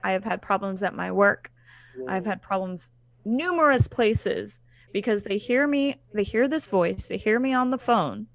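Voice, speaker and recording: A woman in a casual panel discussion, quick to chime in with lively remarks. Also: medium pitch, creaky, no echo.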